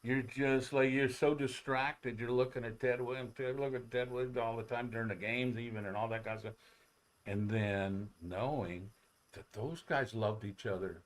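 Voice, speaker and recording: A man, a former ballplayer, telling rambling, animated stories on a sports talk show, with many restarts. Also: medium pitch, moderate pace. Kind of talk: casual storytelling on sports talk radio.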